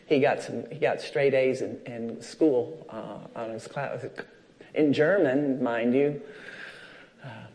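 A man's voice: medium pitch, steady tone, takes it slowly, darkish tone. A man preaching a sermon at a church service, telling personal stories and acting out the voices in them. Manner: storytelling, acts out quoted dialogue.

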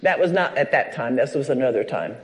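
A man's voice: medium pitch, lively intonation, a little fast. A man preaching a sermon at a church service, telling personal stories and acting out the voices in them. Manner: storytelling, acts out quoted dialogue.

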